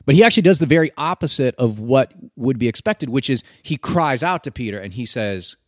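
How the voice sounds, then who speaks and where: A man's voice: mid-range voice, animated, fairly quick, hardly any pauses, no echo, clean studio sound. A man reading scripture and then preaching about it in an earnest, conversational way, with filler words.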